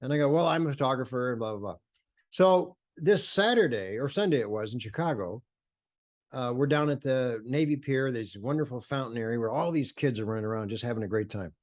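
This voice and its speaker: A man's voice: medium pitch, animated, a little fast. An older man, a photographer, telling stories in an interview with enthusiasm, acting out the voices of people he quotes. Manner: enthusiastic, acts out quoted voices, many fillers and restarts. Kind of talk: animated storytelling in conversation.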